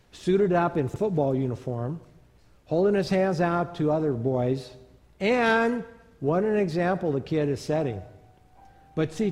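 A man preaching as a pastor in a church, telling a story in a conversational, animated way with fillers. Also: fairly high pitch. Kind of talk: storytelling sermon. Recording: long church reverb.

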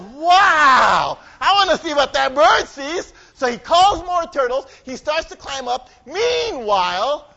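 A man leading a children's message in church, running a game and telling a story, animated and quizzing the kids. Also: extremely high pitch. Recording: dull lo-fi recording.

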